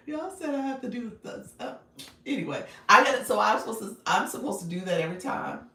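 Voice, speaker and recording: A woman's voice: mid-range voice, expressive, fairly quick, sharp tone, echoey room, far from the mic. A woman coaching viewers on a casual livestream. She is chatty, laughs often and speaks straight to her audience.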